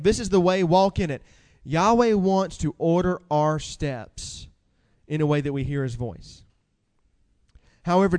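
High-voiced preacher in a reverberant hall. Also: male voice. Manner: animated preaching with rhetorical questions and scripture reading. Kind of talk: sermon.

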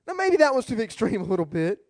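Brief: male rabbi, funny storytelling sermon, very expressive swooping delivery. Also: sits high, quick pace, dry recording. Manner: animated, humorous storytelling preaching.

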